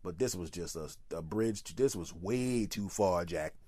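A man hosting a podcast, telling a story as a comedic monologue, animated and profane, acting out the people in his stories. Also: sits low, a little slow, breathy edge, dry recording. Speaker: podcast host.

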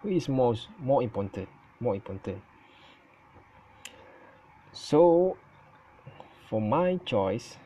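A man whose first language is Malay, giving his opinion in casual talk on his channel, halting and stuttering and often correcting himself. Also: lowish voice, dark tone, highs cut off, slight background noise. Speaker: vlogger. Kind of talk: casual spoken opinion recording.

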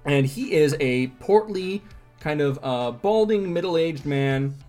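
A man's voice: a little high, animated, slow, a little mellow, soft background music. A man co-hosting a casual comic book review podcast, rambling and joking. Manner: rambling, joking, laughs often. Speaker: podcast co-host.

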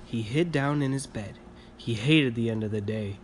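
Man calmly reading a bedtime story. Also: mid-range voice, moderate pace, slight background noise. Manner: calm, even reading with asides to the child. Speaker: reader reading to a child. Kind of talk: bedtime story read-aloud.

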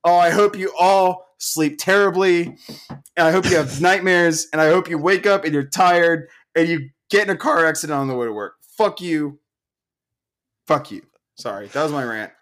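Loud, profane man ranting on a podcast. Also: a little high, normal speed. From Oklahoma, USA. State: a little drunk. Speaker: podcast co-host. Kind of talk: casual podcast rant.

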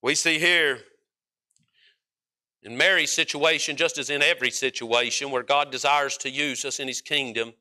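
A man preaching a sermon in a folksy, emphatic way, rising to loud peaks and dropping to quiet stretches. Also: medium pitch, normal speed.

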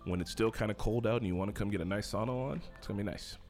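A man's voice: on the low side, very fast, a little mellow, faint music behind. A young man, a podcast guest in casual interview chat, laid-back and jokey with many fillers.

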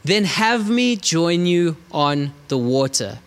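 A male preacher voicing the apostle Peter, a rash, brash grown man shouting across the water. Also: on the high side, sing-song, takes it slowly, smooth, big-room sound. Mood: urgent.

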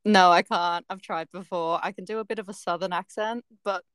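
A woman's voice: fairly low pitch, fairly even intonation, fairly quick, fairly bright tone, clear, resonant tone, dry recording. Young Australian woman, dry replies. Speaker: podcast guest. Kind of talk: casual chat.

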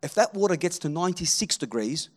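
A man preaching a sermon, animated and rallying the crowd, swinging between loud calls and hushed moments. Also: fairly high pitch, a little fast.

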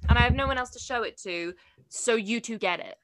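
A woman's voice: on the high side, a little fast. A young woman co-hosting a podcast, chatting casually with many fillers. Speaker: podcast co-host. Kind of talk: casual chat.

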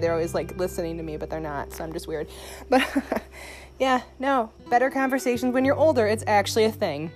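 A young woman hosting a solo podcast into her phone, rambling, profane and sarcastic, with sudden jumps in pitch. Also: brisk, soft background music. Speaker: podcast host.

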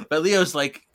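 A young man co-hosting a casual book chat, recapping scenes in a relaxed way and acting out the characters' lines. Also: high-pitched, breathy edge. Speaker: podcast co-host.

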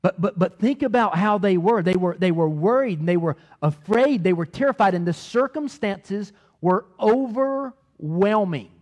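Animated pastor, high lively voice. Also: male voice, a little fast, hardly any pauses. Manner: animated, repeats words, swings loud and soft. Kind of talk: sermon.

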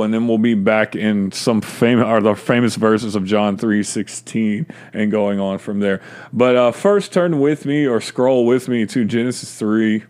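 A man's voice: medium pitch, darkish tone, smooth. A man teaching a conversational bible lesson, reading scripture aloud and stressing key words.

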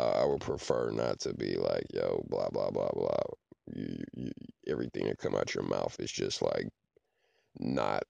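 A man's voice: extremely low pitch, creaky, darkish tone, dry recording. A man hosting a podcast, talking casually in a rambling way and often checking in with "you know what I'm saying". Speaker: podcast host. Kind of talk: casual monologue.

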